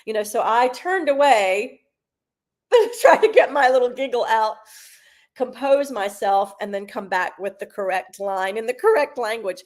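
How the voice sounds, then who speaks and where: A middle-aged woman from South Carolina, a Broadway singer chatting as a guest and telling stories with lively, half-sung bits. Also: a little high, moderate pace. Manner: animated storyteller, sings snatches of lines. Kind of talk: casual interview chat.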